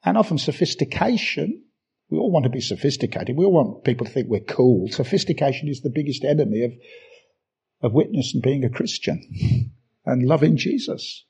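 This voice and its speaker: A man's voice: mid-range voice, animated, normal speed, vocal fry, darkish tone, breathy edge. An older man from England with a Birmingham accent, preaching a sermon with emphatic repetition and self-deprecating asides.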